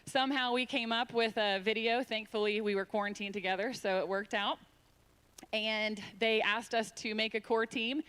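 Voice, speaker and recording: A woman's voice: a little high, steady tone, moderate pace, fairly bright tone, clear, resonant tone. A woman giving a heartfelt, emotional speech at a church event to introduce the founder of a ministry. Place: church sanctuary.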